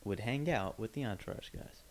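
A man trading deadpan comebacks on a comedy podcast. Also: on the low side, brisk. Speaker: podcast co-host. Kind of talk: comedic banter.

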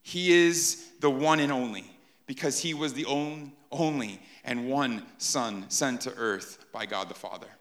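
Bright-voiced man preaching a sermon. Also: medium pitch, unhurried. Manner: animated, keeps checking in with "right?". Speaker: pastor. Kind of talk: sermon to a live congregation.

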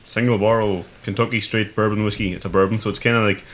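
A man's voice: fairly low pitch, steady tone, quick pace, a bit bright. A man co-hosting a podcast, rambling in casual chat with plenty of swearing and filler words. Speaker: podcast co-host.

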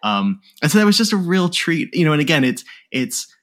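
A man hosting a podcast interview, speaking in a measured, appreciative way with some ums. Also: a little high, sing-song, fairly bright tone. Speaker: podcast host. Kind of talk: interview conversation.

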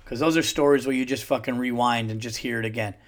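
A man hosting a solo podcast, telling stories in an animated, profane, worked-up way. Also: medium pitch, quick pace. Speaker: podcast host. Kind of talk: casual solo podcast storytelling.

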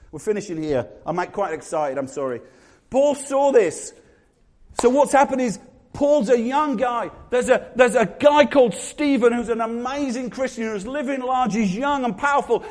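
A man preaching a sermon, retelling scenes in lively acted-out voices. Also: sits high. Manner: animated storytelling, acts out quoted voices.

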